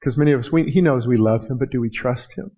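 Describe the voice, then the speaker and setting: A man's voice: medium pitch, quick pace, slightly rough, lo-fi sound. A middle-aged man preaching a passionate sermon as pastor, acting out prayers and quotes and often restarting his sentences.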